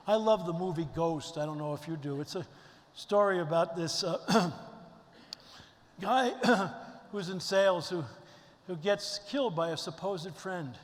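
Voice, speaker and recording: An older man giving an inspirational luncheon speech as keynote speaker, folksy and heartfelt as he tells stories. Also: on the high side. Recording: long reverb in a large hall.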